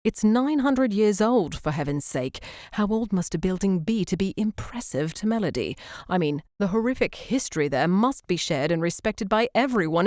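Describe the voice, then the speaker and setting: A woman voicing an earnest, opinionated young Englishman with a British accent, talking with passion and a slightly gruff edge. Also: medium pitch, a little mellow, dry recording, studio quality, natural voice.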